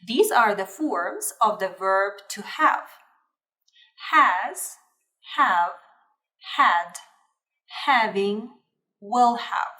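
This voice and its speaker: A woman gives an English grammar lesson at a very unhurried pace, spelling out each example with deliberate care. Her voice sits at an ordinary middle pitch and comes from a little way off the microphone, so it sounds somewhat distant. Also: expressive, sharp tone. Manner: repeats example sentences slowly and clearly. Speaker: English teacher.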